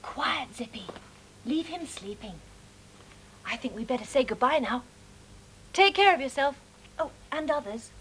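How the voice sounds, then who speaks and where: A woman's voice: sits high, lively intonation, a little slow, long pauses, low-quality recording. A woman presenting a children's show, reading a storybook aloud expressively.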